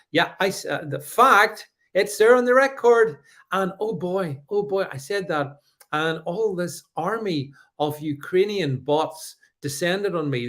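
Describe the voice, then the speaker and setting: A man's voice: fairly high pitch, a bit bright. A middle-aged man hosting a live stream, combative and sarcastic, with many fillers and restarts as he reads out viewer comments. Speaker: livestream host.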